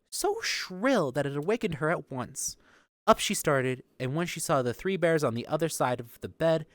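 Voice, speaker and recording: A man reading a bedtime story to his stream, his pitch swooping up and down as he tells it. The recording is close and dry, with no room echo. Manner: animated storyteller voice with big swoops.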